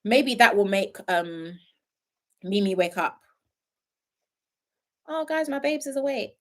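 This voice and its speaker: A woman's voice: mid-range voice, animated, takes it slowly, a bit bright. A young woman casually chatting on a live stream, reading viewer comments with playful asides, frequent laughs and trailing ums. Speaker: reality show commentator.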